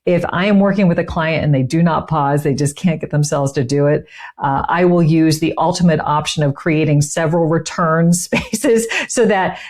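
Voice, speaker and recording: A woman's voice: low-pitched, normal speed, a little mellow. A middle-aged woman giving conversational teaching tips, stressing key words as she explains. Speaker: communication coach. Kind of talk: instructional tips to camera.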